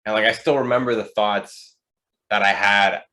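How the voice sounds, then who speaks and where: A man's voice: on the low side, fairly even intonation, moderate pace, sharp tone. A man turning thirty, co-hosting a podcast in casual chat, laid-back and dry with a teasing edge. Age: 30s. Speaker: podcast co-host.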